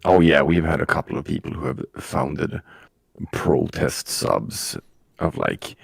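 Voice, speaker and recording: A man moderating a community livestream, speaking low and close to the mic with wry, laughing asides. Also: big pitch swings, measured pace, gravelly, husky, no room sound. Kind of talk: casual livestream chat. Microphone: close desktop mic.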